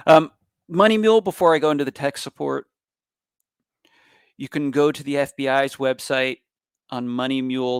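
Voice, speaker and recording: A man giving a cybersecurity talk in an emphatic, animated manner, with bursts of loud stress. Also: mid-range voice, vocal fry, no echo, studio quality. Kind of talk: public presentation.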